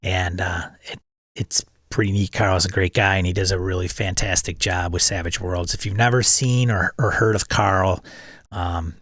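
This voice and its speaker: Guy rambling on his channel, keeps restarting sentences, kinda low voice, dead dry room. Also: steady tone, moderate pace, fairly bright tone, no echo. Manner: rambling, self-correcting, repeats words. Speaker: channel host. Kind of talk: casual solo chat about tabletop games.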